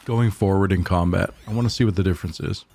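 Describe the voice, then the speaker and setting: Brief: male streamer, lowish voice, loose profane gameplay chatter. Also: fast talker, gravelly, darkish tone. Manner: casual, profane, rambling. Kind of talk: casual gameplay commentary.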